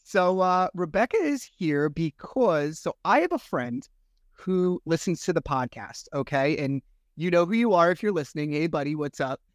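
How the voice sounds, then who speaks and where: A man's voice: fairly high pitch, normal speed, no room sound, clean studio sound. Chatty man hosting a podcast. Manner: chatty, animated storyteller with fillers. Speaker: podcast host. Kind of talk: casual podcast chat.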